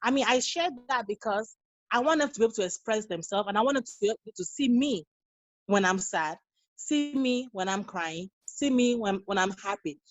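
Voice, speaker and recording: A woman's voice: on the high side, expressive, moderate pace, no echo, lo-fi sound. A woman in her thirties, a guest on a podcast, talking earnestly and telling stories in a casual interview. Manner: earnest, storytelling, acts out quoted dialogue. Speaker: guest, nurse and mother.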